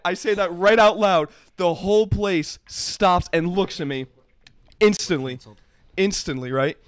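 A young man co-hosting a podcast, telling a story in a casual, animated and profane way. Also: sits high, moderate pace, no room sound, studio quality. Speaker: podcast co-host.

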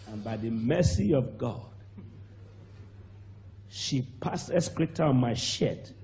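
A man with a Nigerian accent preaching a sermon, telling a testimony with animated acted-out voices and sudden shouts. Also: mid-range voice, a little slow, pauses often. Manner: animated storyteller, acts out voices, bursts into shouts and laughter.

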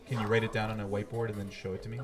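A man teaching a class and hosting the show, asking questions in a relaxed, playful, teasing way. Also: fairly low pitch, racing, very noisy.

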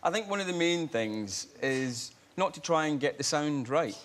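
A man in his thirties with a Glasgow accent, telling stories as a chat show guest in a lively, self-mocking way. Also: on the high side, moderate pace, slight background noise. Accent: Scottish, Glasgow. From Scotland. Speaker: guest actor. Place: television studio.

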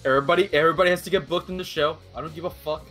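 Fast-talking joking man on a call. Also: a little high, fairly even intonation, fairly bright tone, faint music behind. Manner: joking, bossy. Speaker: participant in a group call. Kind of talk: casual chat on a voice call.

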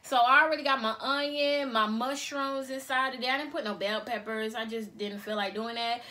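A woman's voice: fairly high pitch, fairly even intonation, normal speed, sharp tone. A young woman filming a casual vlog in her bedroom on her cell phone, chatting to viewers and calling them y'all. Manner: chatty, addresses viewers as y'all, repeats okay. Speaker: mukbang vlogger.

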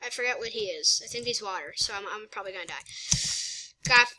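A woman giving excitable, chatty let's play commentary as a gaming channel host, talking to herself as she plays. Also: medium pitch, fast, low-quality recording.

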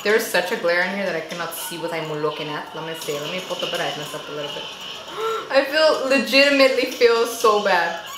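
A young woman giving casual reaction commentary, chatty and quick to exclaim and gasp. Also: fairly low pitch, expressive, over music. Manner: chatty, exclaims and gasps often. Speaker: YouTube reactor. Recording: echoey room with faint noise.

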